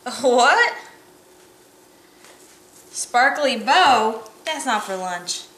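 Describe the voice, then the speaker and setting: Tired high-voiced young mom vlogging. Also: female voice, animated, drawn-out words, fairly bright tone. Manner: chatty, sing-song talk to her toddler. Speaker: mother vlogging family life. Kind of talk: casual home vlog chat. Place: family home.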